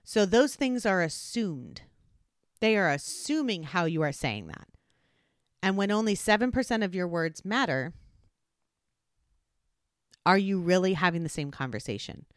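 A woman's voice: on the low side, measured pace, pauses often, no echo, studio quality. A woman hosting a solo advice podcast, talking earnestly and acting out different tones of voice. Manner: earnest, animated, acts out tones of voice. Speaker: podcast host.

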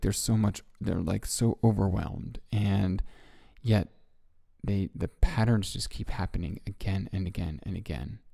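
A man hosting a reflective self-help talk, speaking gently and musing with soft laughs. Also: lowish voice, vocal fry. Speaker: podcast host.

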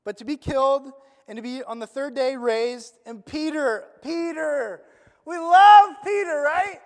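A high-pitched preacher gives a sermon in a loose, conversational manner, tossing questions to the crowd and slipping into slang. The delivery swings from loud emphasis down to near-murmured lines. The voice rings with the long echo of a large hall. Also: measured pace. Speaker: pastor.

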